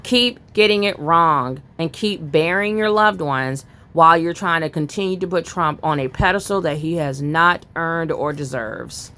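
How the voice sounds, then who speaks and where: Low-voiced furious woman ranting. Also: measured pace, few pauses, sharp tone. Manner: furious, profane, reads news aloud then rants. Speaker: political commentary vlogger. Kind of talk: angry ranting commentary.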